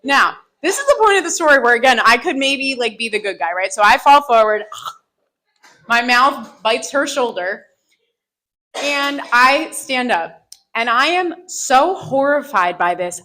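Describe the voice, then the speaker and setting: A woman telling a self-mocking personal story live on stage into a microphone, animated and often laughing through her lines. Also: high-pitched, a little slow, rough recording. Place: live stage before an audience.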